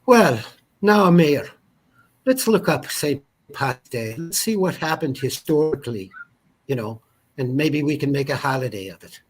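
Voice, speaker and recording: A man voicing an eager male city official, his voice pitched up and louder than his own. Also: lively intonation, unhurried, slightly rough, low-quality recording. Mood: excited. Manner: higher, louder put-on voice.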